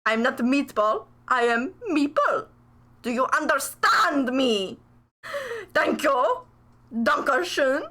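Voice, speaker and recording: A woman's voice: high voice, animated, slow, bright, forceful tone, heavily acted. A woman doing a vain, sassy meatball mascot. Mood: boastful. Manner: boastful, indignant, grandly self-admiring.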